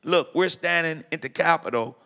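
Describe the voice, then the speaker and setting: A man's voice: on the high side, normal speed, bright, forceful tone. A middle-aged man, a pastor, talking emphatically in a preaching style and quoting scripture. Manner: emphatic, quotes scripture, repeats phrases.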